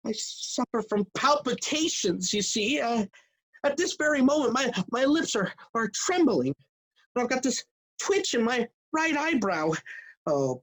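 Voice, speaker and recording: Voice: medium pitch, fairly bright tone, heavily acted, low-quality recording. A performer playing a flustered, hypochondriac male suitor in his thirties, stammering and hesitant. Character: nervous, hypochondriac 35-year-old male suitor. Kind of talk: stage acting.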